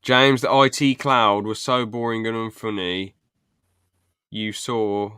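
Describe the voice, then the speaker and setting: Blunt guy, bright and forceful. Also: on the low side, slow pace, clean tone, no room sound, studio quality. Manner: animated, blunt, laughs often. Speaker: podcast host. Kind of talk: casual chat.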